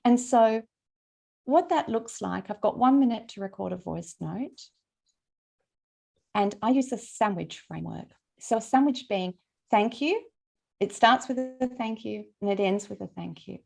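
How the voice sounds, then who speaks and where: A woman's voice: medium pitch, a little slow, creaky, darkish tone. A woman teaching a webinar over a video call, in a chatty, conversational way that checks in with attendees by name. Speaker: LinkedIn trainer presenting a webinar. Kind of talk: casual, chatty workshop teaching.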